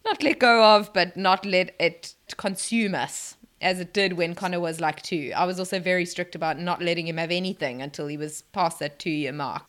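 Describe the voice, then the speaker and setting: A woman's voice: fairly low pitch, moderate pace, few pauses, fairly bright tone. A woman, chatting casually as a podcast guest, laughing often and restarting her sentences. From South Africa. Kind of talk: casual chat.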